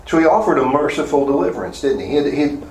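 A man's voice: on the high side, expressive, racing, darkish tone. A man preaching a sermon, earnestly paraphrasing scripture with stern emphasis. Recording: roomy echo, distant mic, faint hum.

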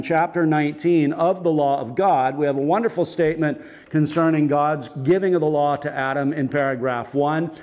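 A man preaching a sermon, first reading scripture aloud and then teaching from it in a measured, deliberate way. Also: on the high side, darkish tone. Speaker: pastor.

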